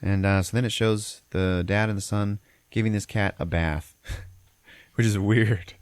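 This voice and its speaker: A man's voice: lowish voice, fairly even intonation, unhurried, no echo. A man hosting a podcast, casually recapping a movie in a profane, rambling way. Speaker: podcast host.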